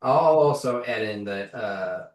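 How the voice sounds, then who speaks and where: Man, game master, low voice, halting delivery, roomy room, mic far off. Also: lively intonation, lo-fi sound. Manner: halting, searching for words. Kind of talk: explaining game lore.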